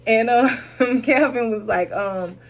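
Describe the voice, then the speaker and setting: Recapping a drama episode in a relaxed way, a woman with a slightly high voice speaks slowly yet animatedly. She's blunt, swears freely, and laughs often while telling it.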